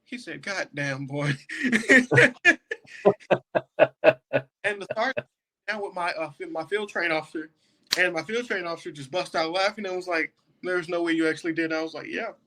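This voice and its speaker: A man's voice: high voice, moderate pace, pauses often, bright, forceful tone. A young man, a jail deputy and podcast guest, telling a story casually and laughing often as he goes. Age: young adult.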